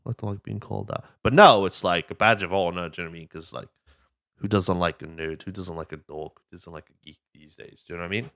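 A man's voice: low voice, fast, a bit bright, no room sound, studio quality. A young man hosting a podcast in casual chat, rambling and jokey and swearing freely. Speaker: podcast host.

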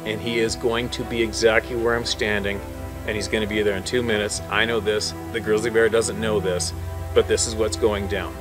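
A man working as a hunting guide, telling a story in an animated way, swearing often and repeating himself. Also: on the low side. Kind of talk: excited outdoor storytelling.

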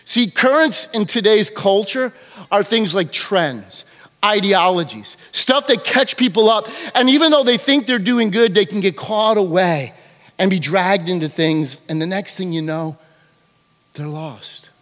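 Here is a man preaching in a church sanctuary with a fairly high voice. He tells his stories with animation and keeps checking in with the congregation. The sound trails off in a long hall reverb. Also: a little slow. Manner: animated storytelling, frequent "okay?" check-ins. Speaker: pastor. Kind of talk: sermon.

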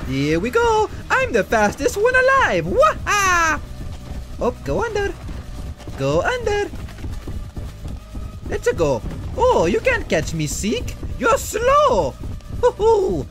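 A squealing, bouncy Mario. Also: male voice, very high voice, huge pitch swings, takes it slowly, pauses often, a bit bright, soft background music, voice pushed up, heavily acted. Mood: gleeful teasing. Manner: sing-song, squealing catchphrases, teasing. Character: cheery cartoon plumber, bouncy and boastful. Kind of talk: gaming commentary in character.

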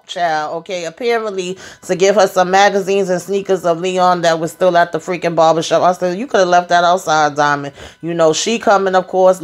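A woman giving a sassy, animated recap of a TV episode in casual chat, acting out the characters' lines in AAVE. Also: fairly low pitch. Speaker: show recap reviewer.

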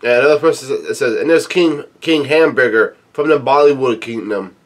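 A man with a mid-pitched voice reads a manga chapter aloud, relaxed and casual. He often stops reading to toss in quick, offhand comments of his own.

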